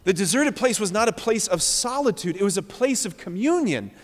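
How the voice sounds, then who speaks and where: Earnest high-voiced priest in a reverberant church. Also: male voice, animated, brisk. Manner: earnest, emphatic, repeats phrases for stress. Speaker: Catholic priest. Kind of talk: sermon. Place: large church with long reverb.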